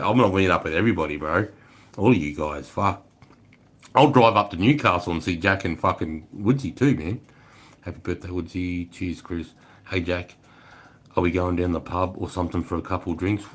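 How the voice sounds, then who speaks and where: An Australian man in his forties chatting casually on a livestream, answering viewers in a loose, profane way full of "mate" and "bro". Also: lowish voice. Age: 40s. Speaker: livestream host.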